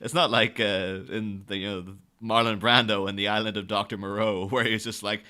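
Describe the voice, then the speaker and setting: A man's voice: lowish voice, level tone, brisk, few pauses, bright, forceful tone. A man co-hosting a podcast, talking about a film in a rambling, jokey way with plenty of laughs. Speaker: podcast co-host. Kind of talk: casual film chat.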